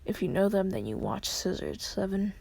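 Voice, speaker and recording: A woman's voice: mid-range voice, big pitch swings, moderate pace, vocal fry, darkish tone, husky, dry recording. A woman casually improvising a fan story, rambling with many fillers and restarts.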